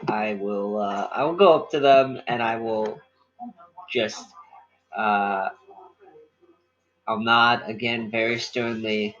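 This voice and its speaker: Man, tabletop player, deadpan, plainspoken, lowish voice, dull sound. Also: slow, pauses often. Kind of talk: playing a tabletop game.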